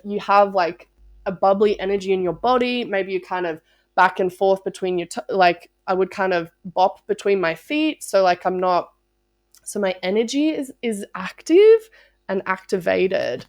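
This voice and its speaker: A woman talking casually as a sales coach, bubbly and chatty, with lots of "like" fillers. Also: medium pitch. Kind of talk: casual motivational talk.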